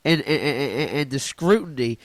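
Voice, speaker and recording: A man's voice: medium pitch, moderate pace, no room sound. A man with a Newfoundland accent, ranting casually and profanely into his phone at home on the couch, laughing at his own jokes. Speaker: podcast host and stand-up comic. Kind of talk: casual solo rant.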